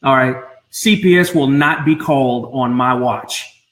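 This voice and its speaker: A man's voice: medium pitch, a little slow, a bit bright. A man coaching blended families on a live stream from home, speaking earnestly and often repeating his words. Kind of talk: Facebook Live talk. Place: home room. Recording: roomy echo.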